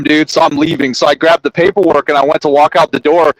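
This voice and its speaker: A man's voice: on the high side, fast talker, no room sound, poor audio. A man chatting casually on a podcast, telling a work story and acting out the people in it, with plenty of swearing. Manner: animated storyteller, acts out quotes loudly, swears.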